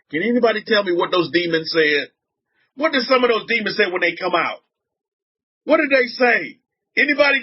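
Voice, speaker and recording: A man's voice: very high-pitched, highs cut off. A man with a Southern US accent giving an informal religious talk to a group. He repeats himself and keeps asking his listeners rhetorical questions. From Southern United States. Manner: repetitive, restarts a lot, fires rhetorical questions at listeners. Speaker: religious teacher addressing a group.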